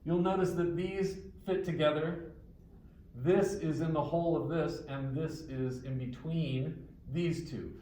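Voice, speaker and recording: Guy teaching rhythm to a class, upbeat, counts out loud, a bit high voiced, mic far off. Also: fairly even intonation, unhurried, slight background noise. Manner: encouraging, counts beats aloud. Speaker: guitar teacher. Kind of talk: leading a group rhythm class. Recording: roomy, distant mic, music in the room.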